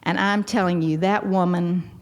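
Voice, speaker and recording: A woman's voice: on the low side, fairly even intonation, moderate pace. A middle-aged woman with a Texan accent telling a heartfelt personal story to a recovery meeting audience. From Texas. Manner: heartfelt, folksy, earnest.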